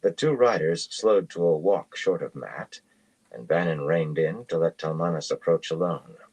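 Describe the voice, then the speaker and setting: Male audiobook reader: very low pitch, husky, steady and measured. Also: low-quality recording. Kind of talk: reading a fantasy novel aloud.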